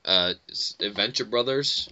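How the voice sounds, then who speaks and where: A man's voice: lowish voice, a little slow. A young man chatting and joking on a voice call. He giggles a lot and slips into silly impressions. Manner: giggly, jokey, breaks into silly impressions and shouts. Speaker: channel host recording a voice chat. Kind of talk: casual chat. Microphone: computer headset mic on a voice call. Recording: dull lo-fi voice chat recording.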